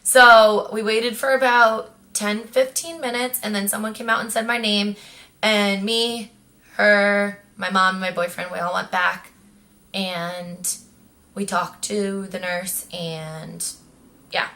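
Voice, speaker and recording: A woman's voice: mid-range voice, slow. A young woman vlogger telling a personal story in a chatty way, acting out what others said. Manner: chatty, animated quoting of others. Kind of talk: casual storytelling.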